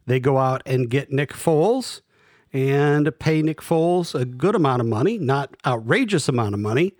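A man's voice: medium pitch, expressive, normal speed, a little mellow, no echo, studio quality. A man co-hosting a casual sports podcast, hesitant, often restarting his sentences while he reviews picks. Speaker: podcast co-host.

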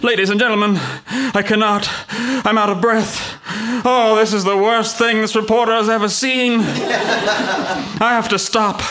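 A man's voice: very high-pitched, a little slow, sharp tone, full character voice. A man doing a frantic old-time radio reporter. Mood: anguished. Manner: breathless, gasping exclamations. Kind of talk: 1930s radio reporter parody.

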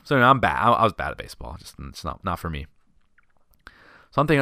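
Bright-voiced man telling a story. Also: deep voice, fast talker, pauses often, no echo, clean studio sound. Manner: animated and self-deprecating, laughs at himself. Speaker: podcast host. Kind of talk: casual storytelling.

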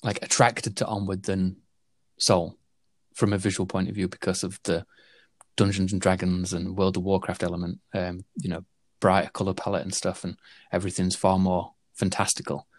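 A man's voice: low voice, flat delivery, moderate pace, dry recording, studio quality. A man in a casual film chat, rambling with lots of fillers and restarts.

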